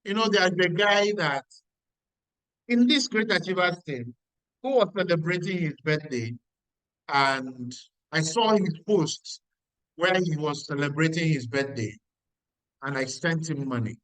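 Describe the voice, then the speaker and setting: Emphatic high-voiced Nigerian man. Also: lively intonation, a little slow, pauses often, a bit bright, dry recording, poor audio. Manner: emphatic, repeats lines, asks the audience questions. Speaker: business mentor. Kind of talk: motivational talk at a weekly meeting.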